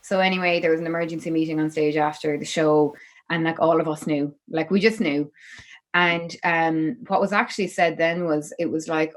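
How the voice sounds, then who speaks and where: Chatty Irish woman with a low voice. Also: steady tone, normal speed, rough recording. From Ireland. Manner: chatty storytelling, heavy with "like" and "you know". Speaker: musician guest. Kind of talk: podcast interview.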